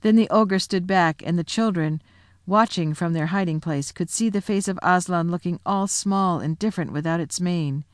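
A woman narrating a children's storybook aloud with expressive, dramatic delivery. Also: lowish voice, normal speed, dry recording, studio quality. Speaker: audiobook narrator.

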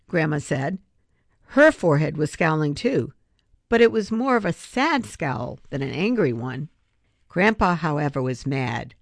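Low-voiced woman reading a children's book. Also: animated, moderate pace, gravelly, dry recording, clean studio sound. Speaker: storybook reader.

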